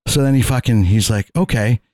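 A man's voice: medium pitch, fairly quick, warm tone, no echo, clean studio sound. A man on a podcast telling a story in casual chat, acting out the quotes, laughing often and swearing freely. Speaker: podcast co-host; fair security worker.

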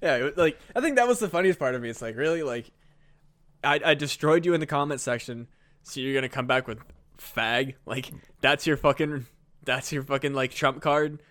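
A man's voice: mid-range voice, normal speed, fairly bright tone. A man co-hosting a comedy podcast, talking in a laid-back, sweary way. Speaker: podcast co-host. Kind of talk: casual chat.

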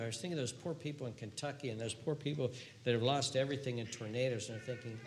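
An older man preaching a sermon in a church, impassioned and repetitive, swinging between hushed tones and booming emphasis. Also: fast, reverberant, a little hiss or hum. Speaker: pastor. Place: church sanctuary.

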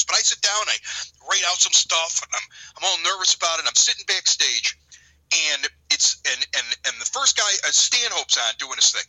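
A man, a radio host and guest on a podcast, telling a story in an animated way, stumbling over repeated words and acting out quotes. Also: high voice, a little fast, no echo, low-quality recording.

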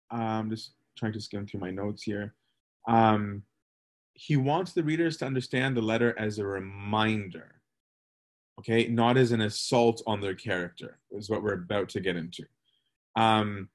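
Give me a man leading a casual Bible lesson, talking things through with plenty of ums. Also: mid-range voice. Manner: conversational, with frequent "right?" and "um". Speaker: Bible study teacher.

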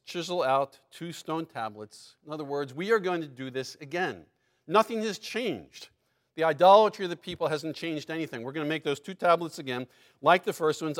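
A man preaching a sermon, his voice sitting a little high for a man. He reads scripture with strong emphasis, then drops into casual asides with small laughs.

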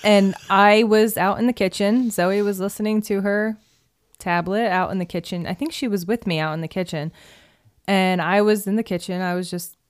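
A woman's voice: mid-range voice, fairly even intonation, moderate pace. A woman co-hosting a podcast, chatting candidly and adding details to a shared story. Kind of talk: casual storytelling.

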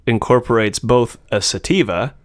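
A man's voice: medium pitch, normal speed. A man chatting as a guest on a comedy podcast, playful and jokey with mock-formal asides. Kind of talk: casual comedic podcast chat.

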